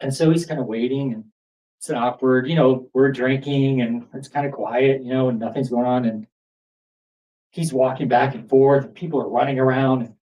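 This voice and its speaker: A man telling a true story at a live storytelling event in a pub, animated and building excitement. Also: medium pitch, normal speed, distant mic, highs cut off. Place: pub stage before an audience.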